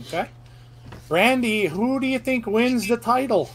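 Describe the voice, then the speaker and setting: A man's voice: very high-pitched, lively intonation, unhurried. A man hosting a casual podcast round-table, rambling along with lots of fillers and restarts. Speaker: podcast host.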